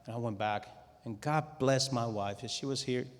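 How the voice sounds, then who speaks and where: A middle-aged man giving a testimony talk to a conference audience, telling his story in a lively way and acting out his own quoted words. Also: mid-range voice, normal speed. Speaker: conference speaker. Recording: long hall reverb.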